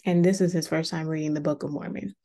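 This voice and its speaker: Woman, low gravelly voice, dark tone, chatty casual recap. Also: quick pace. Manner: chatty, acts out quotes in a lively voice. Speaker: reality TV recap host.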